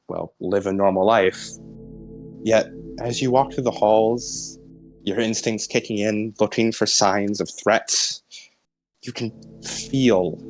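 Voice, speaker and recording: A man narrating as game master in a tabletop role-playing game, describing scenes in a halting, searching way. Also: lowish voice, a little mellow. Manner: descriptive, halting, many restarts and fillers.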